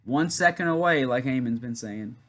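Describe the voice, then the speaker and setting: Bright, excitable man calling wrestling. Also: medium pitch, moderate pace. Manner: loud counting and shouting during big moments, chatty asides. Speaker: host of a wrestling watchalong. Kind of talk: excited live play-by-play commentary.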